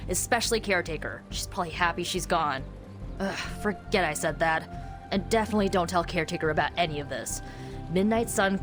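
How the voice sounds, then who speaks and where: A woman's voice: medium pitch, lightly acted. An actress playing a blunt, sarcastic young woman hero who vents her frustration in a video game. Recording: game audio with music.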